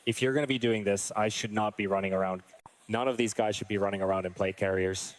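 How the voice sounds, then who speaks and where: A man's voice: lowish voice, fairly even intonation, fast talker. Earnest, hesitant male military veteran. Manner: earnest, hesitant, thinks aloud.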